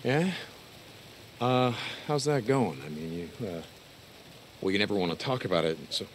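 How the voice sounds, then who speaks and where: An actor playing an easygoing outlaw biker in a video game, joking and deflecting. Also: male voice, lowish voice, animated, normal speed, a little hiss or hum, natural voice. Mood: teasing. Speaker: game character. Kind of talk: video game dialogue acting.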